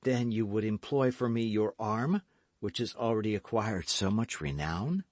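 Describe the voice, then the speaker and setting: A man's voice: on the low side, lively intonation, moderate pace, no room sound, pitched above the performer's own voice, lightly acted. A man reading an audiobook, voicing a vindictive, scheming noblewoman in a coaxing, calculating manner.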